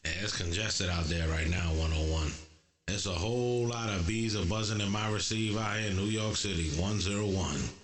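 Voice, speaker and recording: A man chatting over CB radio, repeating call signs in steady radio lingo. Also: low voice, moderate pace, a little hiss or hum. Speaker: CB radio operator. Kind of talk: long-distance CB radio chat.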